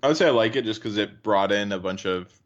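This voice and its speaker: A man's voice: on the low side, fast, highs cut off. A man co-hosting a casual gaming podcast, easygoing and rambling, laughing often. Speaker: podcast co-host.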